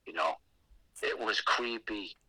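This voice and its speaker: A man telling a creepy personal story on a podcast in a casual, animated way, swearing often. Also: on the low side, slow pace, dry recording, rough recording. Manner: animated and heavily profane, with acted asides. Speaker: guest telling a ghost story.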